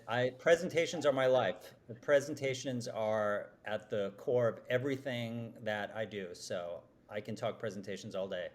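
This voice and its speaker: A man, an advertising executive, telling lively, self-deprecating stories as a guest on a podcast interview. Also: fairly low pitch, normal speed, few pauses. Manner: animated, self-deprecating storytelling.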